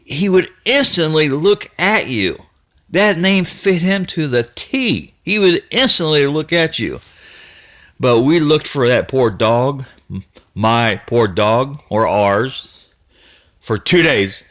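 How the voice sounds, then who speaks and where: A man's voice: mid-range voice, a bit bright. A man in his fifties from the Ohio-Kentucky area telling a personal story in a folksy, rambling way, stopping and restarting often. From Ohio-Kentucky area, USA. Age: 50s. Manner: rambling, halting, with many restarts; folksy and nostalgic. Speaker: channel host.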